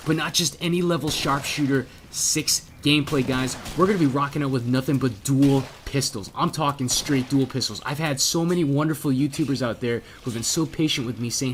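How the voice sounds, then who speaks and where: A man's voice: mid-range voice, brisk, few pauses, slight background noise. A man hosting his own gaming channel, giving upbeat, slangy gameplay commentary straight to his viewers.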